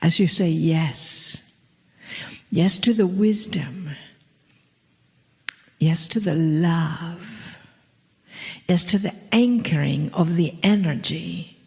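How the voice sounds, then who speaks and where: A woman delivering a channeled spiritual message to an audience, speaking slowly and gently, playful at times and often dropping to a whisper. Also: on the low side, vocal fry, in a large hall.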